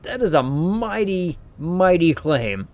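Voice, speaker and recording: A man's voice: sits high, very animated, slow, darkish tone, slight background noise. A man streaming a game, riffing with playful mock outrage and rambling enthusiasm. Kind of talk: casual gameplay commentary.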